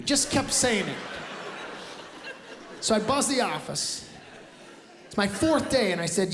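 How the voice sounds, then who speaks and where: A Canadian stand-up comedian with a high male voice performs on a large theater stage before a live audience, very animated at normal speed with long pauses. His storytelling is brash and loud, full of acted-out outbursts. The roomy live recording carries crowd laughter and slight background noise.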